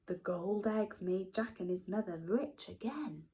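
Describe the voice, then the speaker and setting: A woman, a nursery teacher, reading a storybook to young children expressively, with gasps and hushed whispers. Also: medium pitch, lively intonation, a little slow, few pauses, poor audio.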